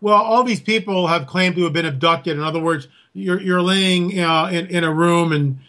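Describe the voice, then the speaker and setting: A man talking as an interview guest, an animated storyteller who acts out quotes. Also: high-pitched, normal speed. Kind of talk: casual interview talk.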